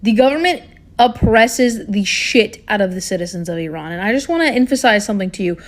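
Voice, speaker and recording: With a medium-pitched, lively voice and a brisk pace, a young vlogger tells the camera a personal story. She talks in loose slang, swears freely, and acts out other people's lines, and the room echoes.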